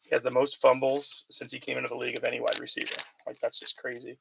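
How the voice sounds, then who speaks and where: A man's voice: mid-range voice, completely flat delivery, fast, gravelly, noisy background. A man hosting a live sports card break, chatting casually and calling out player names as he opens packs. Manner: chatty, calls out player names while reading questions from viewers.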